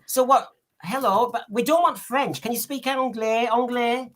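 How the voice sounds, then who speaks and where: A man hosting a fan podcast, joking and animated, often exasperated. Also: extremely high pitch, moderate pace. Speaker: podcast host. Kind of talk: comic fan podcast chat.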